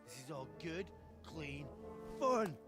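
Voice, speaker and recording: A mocking young village lout. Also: male voice, on the high side, sing-song, slow, over music. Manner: mocking, taunting. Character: cocky young male village troublemaker. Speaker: game character. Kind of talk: video game voice acting.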